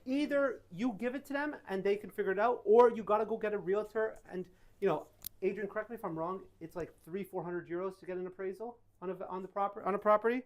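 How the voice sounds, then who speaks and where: A man giving casual Q&A answers to a live audience, telling animated stories and correcting himself as he goes. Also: high-pitched, quick pace. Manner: animated storytelling, self-correcting. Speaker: tax advisor speaker. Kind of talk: casual Q&A talk.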